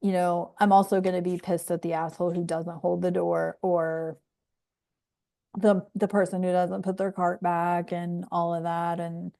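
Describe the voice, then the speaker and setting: A woman's voice: fairly low pitch, little pitch movement, moderate pace, creaky, dark tone. A woman astrology coach talking casually and candidly to viewers, swearing freely and drifting into rambling asides. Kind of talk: casual monologue.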